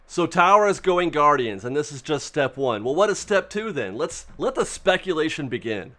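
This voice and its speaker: A man talking casually as a theme park news vlogger, animated and rambling, laughing often as he speaks. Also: on the high side, moderate pace. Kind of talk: casual excited vlog commentary.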